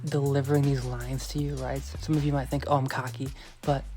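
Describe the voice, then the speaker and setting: A dating coach hosts a podcast monologue in a mid-range, level, slightly fast voice with a dark tone, over soft background music. He's cocky and profane, hammering his points home and repeating them to listeners he keeps calling "you guys."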